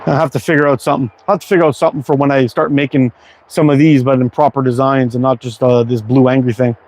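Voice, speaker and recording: A middle-aged man casually chatting on a livestream as he shoots, relaxed and self-deprecating. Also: mid-range voice, fast talker, rough recording. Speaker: slingshot livestream host. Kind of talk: casual live-stream chat while target shooting.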